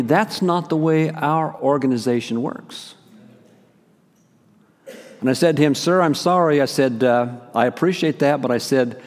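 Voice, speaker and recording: A pastor telling a personal story in a sermon, acting out each quoted exchange. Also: male voice, medium pitch. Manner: animated storyteller, acts out quoted dialogue. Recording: long reverb of a large hall.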